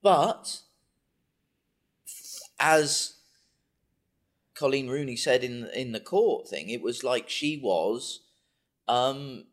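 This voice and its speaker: A man's voice: medium pitch, animated, extremely slow, pauses often. A man co-hosting a podcast in casual chat, easygoing, wry and playful. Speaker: podcast co-host.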